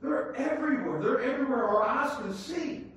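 A man preaching a sermon, reading scripture aloud and retelling it in everyday words, swinging between loud, lively bursts and hushed asides. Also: very high voice, normal speed. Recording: very echoey room, mic far off, faint noise.

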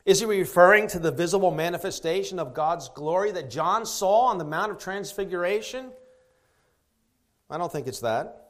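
A man preaching an expository sermon, asking rhetorical questions and slowing down to stress key phrases. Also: sits high, animated, a bit bright. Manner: emphatic, slows down to stress key words.

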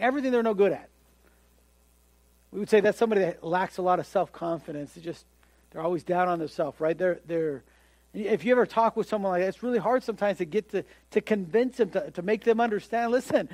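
A man preaching a sermon in an animated way, acting out the people he quotes and tripping over repeated words when he gets going. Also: high-pitched, fairly quick, dry recording. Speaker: pastor.

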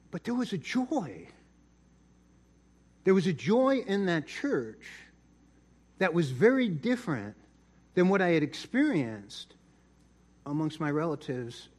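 A man's voice: fairly high pitch, a little mellow. A middle-aged man preaching a sermon, telling a personal story in a chatty way and often repeating words. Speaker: pastor.

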